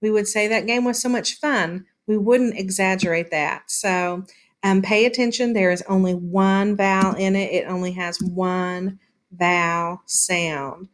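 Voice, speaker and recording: A woman teaching a reading lesson at an unhurried pace. Her voice sits in an ordinary middle pitch, and she demonstrates words slowly and repeats her points. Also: fairly even intonation.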